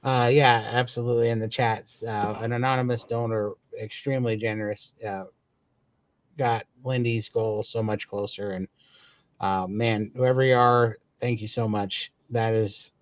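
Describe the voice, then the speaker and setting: Low-voiced man, eager livestream co-host. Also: steady tone, unhurried, dry recording. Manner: enthusiastic, grateful, rambling. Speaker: podcast co-host. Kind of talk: casual livestream chat.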